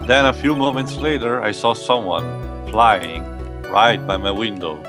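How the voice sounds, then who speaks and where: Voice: mid-range voice, unhurried, over music, natural voice. A player voicing a hesitant male witness in a courtroom game dub. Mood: nervous.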